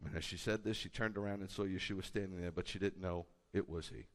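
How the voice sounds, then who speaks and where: Animated man preaching in a reverberant hall. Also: deep voice, fast. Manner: animated, rising to loud emphatic peaks. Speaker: rabbi. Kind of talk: sermon.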